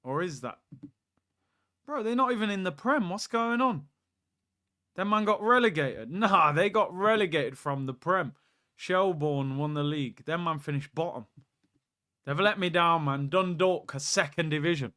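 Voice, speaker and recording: A young man hosts a live football watchalong. His voice sits fairly high, and he chats excitably, jumping between the match and viewer questions. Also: normal speed. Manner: chatty and excitable, reacting to play and reading out viewer questions.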